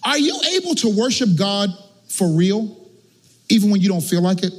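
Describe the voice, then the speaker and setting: A male pastor delivers a sermon in church with a strikingly high, raspy voice. His pitch leaps and dives as he chants his points in a half-sung cadence, punching the peaks with shouts. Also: sing-song, moderate pace, big-room sound.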